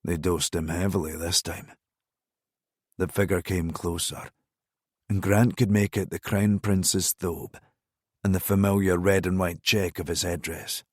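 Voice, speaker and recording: A man narrating a crime thriller audiobook in a measured, even-toned reading. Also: deep voice, no echo, studio quality. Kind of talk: scripted narration.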